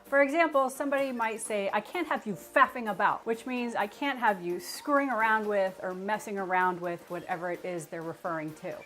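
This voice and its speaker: An American woman talks to camera as a travel vlog host, in a chatty explainer style. She is playful and quick to poke fun at herself. Her voice sits mid-range, and soft music plays faintly underneath. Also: medium pitch. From United States. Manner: chatty, playful, self-deprecating. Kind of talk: scripted explainer talk to camera.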